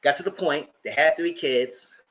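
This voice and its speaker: A man hosting a live TV review, chatting casually in a blunt, slangy, animated way. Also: on the high side, moderate pace, low-quality recording. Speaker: host of a TV review channel.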